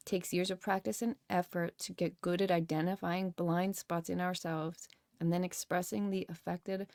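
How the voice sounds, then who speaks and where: A woman's voice: fairly low pitch, darkish tone, dry recording, clean studio sound. A woman reading a self-help book aloud and stopping often to comment and swear casually. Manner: reads, rereads and comments with swearing.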